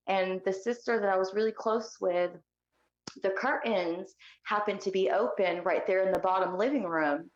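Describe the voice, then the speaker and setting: Woman telling her story over an echoey call. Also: mid-range voice. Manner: candid and heated, with many fillers. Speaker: guest sharing her life story. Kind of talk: personal storytelling in a podcast interview. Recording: echoey, dull lo-fi remote call audio.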